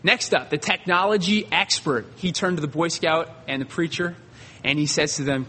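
A male pastor delivering a sermon in a church, with a bright, husky voice that sits a bit high. He tells stories with dramatic pauses and stretches key words. A long hall reverb trails each phrase. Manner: storytelling with dramatic pauses, drawn-out emphasis.

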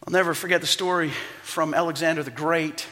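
A man preaching a sermon as pastor, telling stories dramatically and swinging from hushed to loud and impassioned. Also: on the high side, fairly even intonation, brisk, long reverb tail. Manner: impassioned, dramatic storytelling with wide swings in loudness.

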